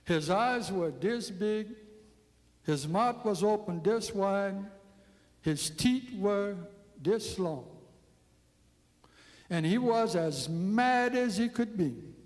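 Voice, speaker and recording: A man's voice: sits high, expressive, slow, long pauses, in a large hall. A man with a Cajun accent voicing a naive young country boy who earnestly describes what he saw.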